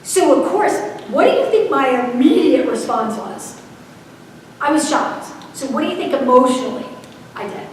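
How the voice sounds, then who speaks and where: This woman's voice sits high and is expressive, moving at a moderate pace as she leads a parenting seminar, swapping chatty anecdotes and asking listeners questions. The talk is conversational, and the recording comes from a distance inside a big echoing hall, with faint hiss.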